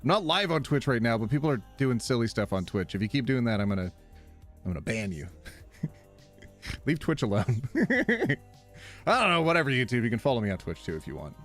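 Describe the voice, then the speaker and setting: This man is live streaming and chatting casually with his viewers, reading their messages aloud and laughing a lot in an animated way. His voice sits in the mid-range, his speed is normal, and he pauses often, with faint music in the background.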